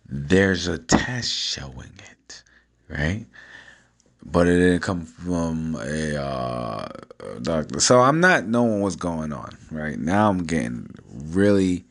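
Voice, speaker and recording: A man talking at home, telling a long story in a casual, slangy, profane way and acting out each person's lines. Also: extremely low pitch. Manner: animated, profane, slangy, acts out the dialogue.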